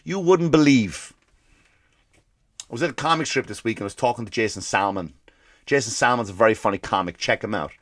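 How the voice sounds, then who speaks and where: A man's voice: medium pitch, fairly quick, long pauses, dry recording. Profane ranting male comedian. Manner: profane, animated ranting with mimicked quotes. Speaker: comedian, podcast host. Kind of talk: comedic rant.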